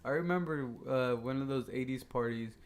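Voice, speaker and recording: A man's voice: mid-range voice, fairly quick. A man in a casual chat, chiming in with short remarks and laughing along. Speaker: guest.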